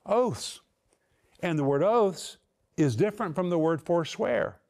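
A man preaching a sermon, teaching verse by verse and slowing down to stress key words. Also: high-pitched, expressive, darkish tone. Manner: emphatic, slows down to stress words.

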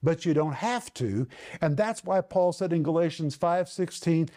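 A man teaching the Bible on television with a high-pitched voice that still sounds dark and mellow. He speaks earnestly and with emphasis, and often puts rhetorical questions to the listener. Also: lively intonation, moderate pace.

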